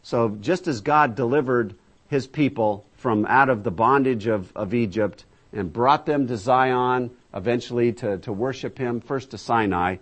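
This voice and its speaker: Male preacher, emphatic scripture reader, conversational between verses. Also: unhurried. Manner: booming emphatic scripture reading, conversational asides; addresses listeners directly, filler-heavy. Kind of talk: sermon with scripture reading.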